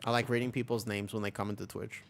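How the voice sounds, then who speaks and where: A man's voice: fairly low pitch, little pitch movement, fast, gravelly, slight background noise. A man in his twenties chatting casually on a live stream, rambling and restless, full of restarts and the odd swear word. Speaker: Twitch streamer.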